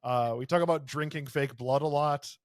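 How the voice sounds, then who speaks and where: A man's voice: a little high, moderate pace, no echo. A man in his thirties, a guest on a casual podcast, laid-back and wry.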